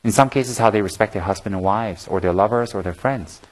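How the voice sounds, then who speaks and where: A man delivering a Buddhist dharma talk in a somewhat low voice. He teaches in a frank, plain-spoken way, repeats his key points for emphasis, and often breaks into humorous, animated storytelling. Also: brisk, poor audio.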